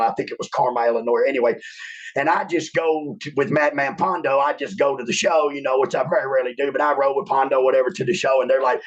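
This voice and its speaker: A man, a former wrestler telling a long, rambling, profane story in casual talk. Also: medium pitch. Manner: rambling, profane, with many restarts. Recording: muffled lo-fi audio.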